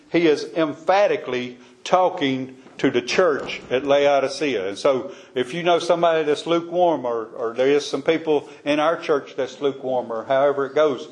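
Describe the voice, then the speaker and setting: Man, mid-pitched, plain folksy Bible-study teacher, talks loosely and repeats himself.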